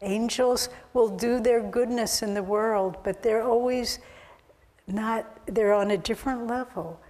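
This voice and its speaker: Slow, earnest woman giving a sermon. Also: on the high side, fairly even intonation, a little mellow, in a large hall. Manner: earnest and exhortative. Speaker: spiritual teacher.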